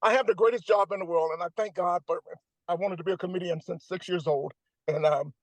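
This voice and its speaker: A man's voice: high voice, fairly even intonation, quick pace, no room sound, poor audio. An older man, a comedian from Atlanta talking emphatically and joking on a video call. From Atlanta, United States. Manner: emphatic, joking, preacher-like cadence. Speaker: comedian guest. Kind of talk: animated comedic chat.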